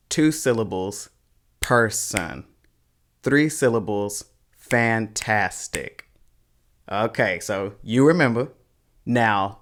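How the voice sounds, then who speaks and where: With a fairly bright, medium-pitched voice, a Spanish teacher walks viewers through a pronunciation lesson in a scripted video. He keeps things casual and slangy, speaking at a slow, deliberate pace.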